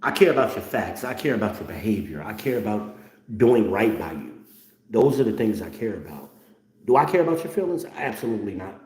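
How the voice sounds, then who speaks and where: A man's voice: on the low side, expressive, brisk, a little mellow, echoey room. A middle-aged man hosting a blunt, profane, mocking rant. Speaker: host. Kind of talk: ranting commentary.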